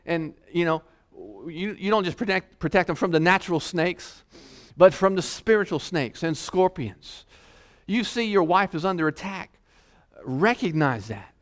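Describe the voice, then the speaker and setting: A man preaching a sermon in an exhorting way, restarting often and slowing down to read scripture aloud. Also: high voice. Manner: exhorting, repeats words, reads scripture slowly.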